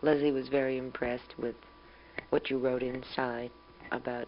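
Young mother, low voice, calm and tender, reflective spoken letter on a muffled home tape with a faint hum. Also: moderate pace, vocal fry. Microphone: home tape recorder.

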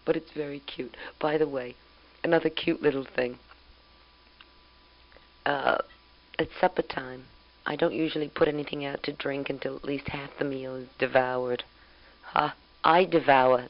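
A woman's voice: low voice, dull audio. A young woman recording a spoken letter on tape to her husband, chatty, fond and amused as she tells family news.

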